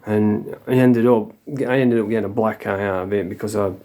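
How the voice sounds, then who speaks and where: A man's voice: lowish voice, fairly even intonation, a little fast, mellow. A middle-aged man from England telling his own story in a blunt, sweary, confessional way. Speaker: vlogger. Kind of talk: casual storytelling.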